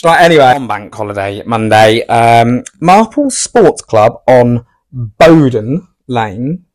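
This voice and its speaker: A man, hosting a local podcast in jokey, rambling casual chat at a studio mic. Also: medium pitch. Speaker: podcast host. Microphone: studio microphone.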